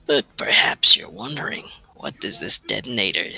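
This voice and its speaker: A man reading the part of a calm, cryptic young man, slow and mock-solemn, in a fan reading of a visual novel. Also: lowish voice, gravelly, breathy edge, exaggerated voice, poor audio. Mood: ominous.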